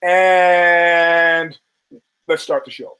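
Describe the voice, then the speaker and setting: A man's voice: on the high side, level tone, very slow, bright, forceful tone, smooth, rough recording. A man hosting his own podcast, talking bluntly with profanity and laughing asides. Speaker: podcast host. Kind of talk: casual podcast monologue. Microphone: camera and studio mic.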